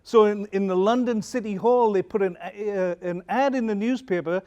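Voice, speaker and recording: A man with a noticeably high voice gives a talk as a pastor. He tells stories in a loose, conversational way and keeps asking his listeners questions. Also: moderate pace, few pauses, dark tone, muffled recording. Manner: conversational, storytelling, asks the audience questions. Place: conference hall.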